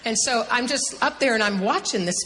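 A middle-aged woman from the United States giving a personal testimony in an earnest, halting, emotional way. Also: a little high, pushed and bright, slight background noise. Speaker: testimony speaker. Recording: long hall reverb, faint ambience.

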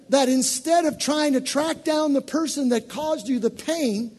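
A man preacher giving an animated, conversational sermon to a congregation in church. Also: very high-pitched, measured pace, hardly any pauses.

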